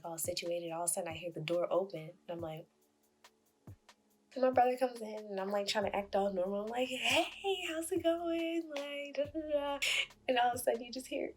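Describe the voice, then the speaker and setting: A young woman casually telling a story to camera, chatty and quick to laugh, acting out what people said, over faint music. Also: mid-range voice. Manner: chatty, laughing, acts out quotes. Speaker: vlogger.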